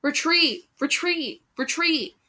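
A woman's voice: high voice, animated, measured pace, gravelly, full character voice. A woman reading as a panicked young hero. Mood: shouting. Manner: urgent, shouting orders. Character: young man, brave, shouting in panic.

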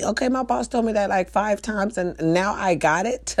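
An older woman, telling a comic story in an animated, profane way with loud bursts. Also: medium pitch, normal speed.

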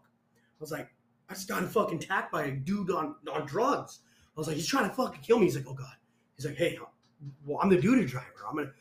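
Man, young adult, casual storytelling, profane, animated, slightly high voice, echoey room. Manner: profane, animated, acts out quotes loudly. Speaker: storyteller guest.

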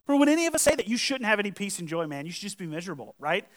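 A man's voice: sits high, sing-song, racing, fairly bright tone. A man with a Southern US accent preaching a sermon to his congregation, conversational and full of questions to his listeners. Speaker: pastor. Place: church hall.

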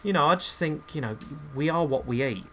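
A man's voice: on the high side, expressive, fairly quick, a bit bright, slight background noise. A man, a hairdresser co-hosting a podcast, ranting in an opinionated, scornful way. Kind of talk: casual chat.

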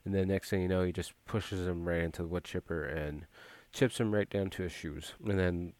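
A man's voice: sits low, fairly even intonation, normal speed, a little mellow, dry recording. A man casually recapping a movie plot, rambling with frequent filler words and restarts.

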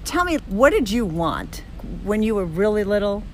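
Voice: mid-range voice, very animated, normal speed, a little hiss or hum. A travel host narrating a cruise trip and interviewing a performer, eager and gushing with praise. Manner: enthusiastic, gushing, rambling.

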